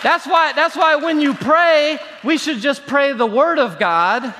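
A man preaching a sermon from a church stage, lively and sometimes mocking showy prayer habits. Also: very high-pitched, a little slow, crowd noise, noisy background. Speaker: pastor. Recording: reverberant hall.

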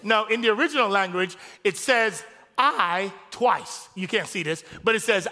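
High bright-voiced preaching man, echoing hall. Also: expressive, normal speed. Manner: call-and-response preaching, rising to shouts on key phrases. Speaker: pastor. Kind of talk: sermon. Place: church sanctuary.

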